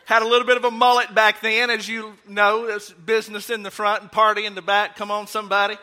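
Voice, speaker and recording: A middle-aged man preaches in a church sanctuary, folksy and full of jokes. His voice sits high for a man and rings sharply bright. He swings easily into loud, fired-up preaching. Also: completely flat delivery, quick pace. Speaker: guest preacher. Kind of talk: sermon.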